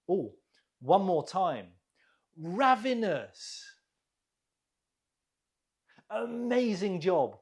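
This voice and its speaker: An English teacher giving an online vocabulary lesson, drilling words slowly and deliberately and praising the learner after each repetition. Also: medium pitch, a little mellow.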